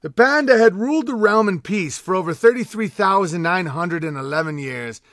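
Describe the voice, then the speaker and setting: Pompous proclaiming panda bear herald, as a man puts him on, high voice, dry close sound, mock-epic reading. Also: animated, normal speed, a bit bright, no echo. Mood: grandiose.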